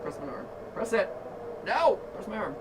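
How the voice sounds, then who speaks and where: A man hosting a live VR gameplay session, excitable and joking, with sudden shouty outbursts. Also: high voice, fast, distant mic, heavy background noise. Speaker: host. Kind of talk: playing a VR game live, joking banter. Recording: game audio and music loud behind, voice off-mic.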